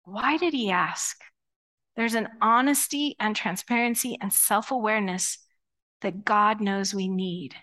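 A middle-aged woman pastor preaching a sermon to her church in a lively, conversational way, acting out quoted voices as she goes. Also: mid-range voice, unhurried. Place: church sanctuary.

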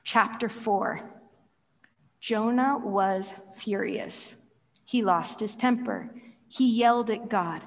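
A woman's voice: mid-range voice, slow pace, long pauses. A woman preaching a sermon, telling a story playfully with laughs and rhetorical questions, in a church hall. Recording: long reverb of a large hall.

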